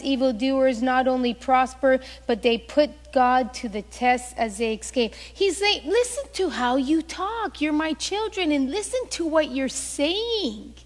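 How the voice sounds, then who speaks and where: A woman's voice: high-pitched, big-room sound. A woman pastor preaching a sermon, telling stories animatedly and acting out the voices she quotes.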